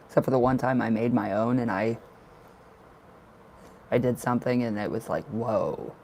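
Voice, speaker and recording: A man's voice: mid-range voice, steady tone, moderate pace, darkish tone, slight background noise, poor audio. A man hosting a casual tarot livestream, chatty and laughing often as he talks to viewers.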